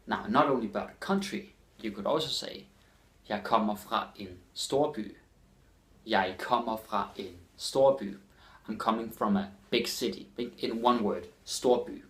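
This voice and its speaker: A man with a Danish accent teaching his language in a casual lesson, repeating phrases slowly for learners. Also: on the low side, fairly bright tone. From Denmark.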